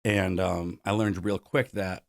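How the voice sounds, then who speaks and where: This low-pitched man in his forties, a concert promoter from Buffalo, New York, shares stories as a guest in an interview. He speaks unhurriedly in a steady tone, performs the quoted lines, and leans heavily on "like." The studio-quality audio has no echo.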